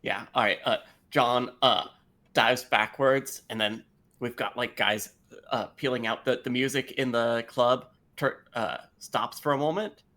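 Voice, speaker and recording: A man playing a tabletop role-playing game, narrating his character's actions in a laid-back, halting way. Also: medium pitch, steady tone, sharp tone. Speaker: player.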